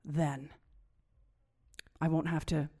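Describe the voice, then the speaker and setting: Deep-voiced woman explaining on a podcast. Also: flat delivery, warm tone, husky. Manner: explains research points, affirming with quick yeps. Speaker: podcast co-host. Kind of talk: casual podcast conversation.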